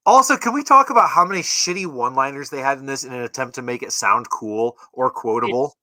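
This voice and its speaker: Male podcast co-host, sarcastic and profane, bright voice. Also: medium pitch, animated, quick pace, no room sound, rough recording. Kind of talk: casual chat.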